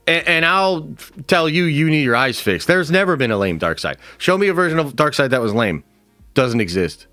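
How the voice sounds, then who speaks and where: Streamer dude reading chat, pitch jumps all over, dry close mic, swears a lot. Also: male voice, no room sound. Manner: casual, animated, swears freely. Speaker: streamer host. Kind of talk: livestream commentary with chat.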